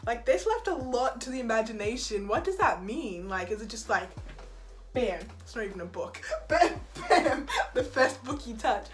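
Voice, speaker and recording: A bubbly woman talks casually to her camera about books, laughing often between sentences. Her voice sits a little high. Faint music plays in the background. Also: animated, normal speed. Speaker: book vlogger.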